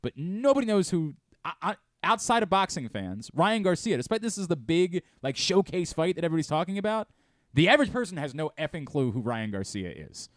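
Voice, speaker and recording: A man's voice: on the high side, a little fast, no echo. A man hosts a radio show from a studio, chatting casually and going off on tangents. His voice rises and falls a lot as he talks. The sound is dry and close to the mic. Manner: animated, rambling, self-interrupting.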